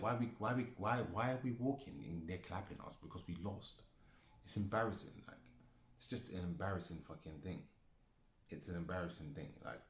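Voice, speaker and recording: A male football fan ranting angrily, repeating himself and swearing as he argues. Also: low-pitched. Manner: repetitive, heated, swearing. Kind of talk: angry football rant. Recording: echoey room.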